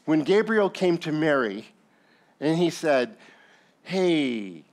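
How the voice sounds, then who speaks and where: A man's voice: on the high side, big pitch swings, unhurried. A male pastor preaching a sermon, telling the story with jokes and acted asides.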